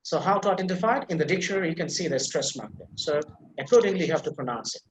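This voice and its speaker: A man's voice: on the high side, lively intonation, very fast, roomy sound, slight background noise, low-quality recording. A man teaching a pronunciation class on a video call, explaining patiently with many fillers and repetitions.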